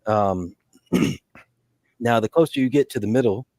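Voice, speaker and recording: A man's voice: fairly low pitch, measured pace, a little mellow, no room sound. A man co-hosting a podcast in casual chat, rambling and restarting his sentences often. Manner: rambling, full of restarts and fillers. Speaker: podcast co-host. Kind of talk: casual fantasy sports chat.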